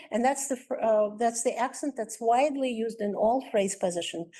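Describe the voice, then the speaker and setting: A woman's voice: on the high side, darkish tone. A woman giving an academic linguistics lecture as a guest speaker, explaining step by step with frequent "uh" and "um" fillers.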